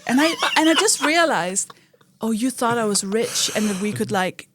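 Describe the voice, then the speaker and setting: A woman's voice: a little high, animated, moderate pace, music in the background. Chatty woman comedian. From Denmark. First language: Danish. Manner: chatty, laughs often, acts out quotes. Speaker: comedian guest. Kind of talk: casual podcast chat.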